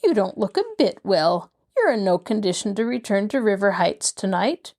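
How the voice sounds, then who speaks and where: A woman voicing an elderly spinster sister in a storybook, quick and insistent. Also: mid-range voice, very animated, darkish tone.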